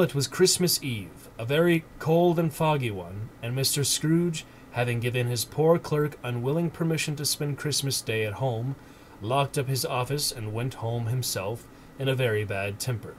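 Streamer reading a storybook aloud, mid-pitched man, gentle and expressive, faint hiss behind.

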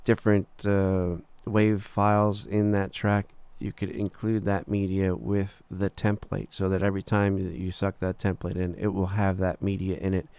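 A man teaching a recording workflow in a screen-recorded tutorial, relaxed and casual, talking through each step with filler words and the odd "boom". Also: moderate pace, few pauses, clean tone, no room sound. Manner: relaxed, talks through steps as he clicks, frequent "uh" and "boom". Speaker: recording engineer teaching software.

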